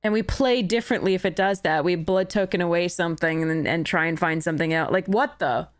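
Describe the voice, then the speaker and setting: A woman's voice: fairly low pitch, fairly quick, dry recording, studio quality. A woman streaming a card game, talking casually to her chat, exasperated and swearing freely as she rants at the game. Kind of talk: casual livestream commentary while gaming.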